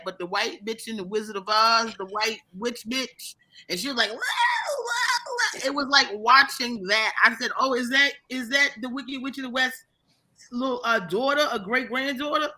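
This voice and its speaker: Woman, very bright and sharp tone, fairly high voice, casual profane storyteller, lots of restarts. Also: moderate pace, rough recording. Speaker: podcast guest. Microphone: live stream mic.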